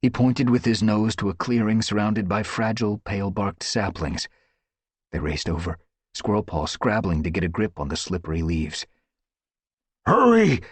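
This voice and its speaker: Male audiobook narrator, low husky voice, animated dramatic reading, dry sound. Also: moderate pace, no room sound. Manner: expressive, dramatic storytelling.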